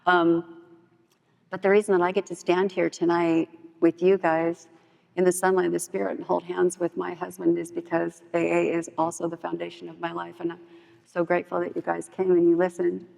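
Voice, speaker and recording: A woman's voice: on the low side, completely flat delivery, brisk, vocal fry, a little mellow. A woman giving candid personal testimony in a chatty storytelling way at a meeting hall. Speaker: speaker at a recovery meeting. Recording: echoey hall, dull lo-fi sound.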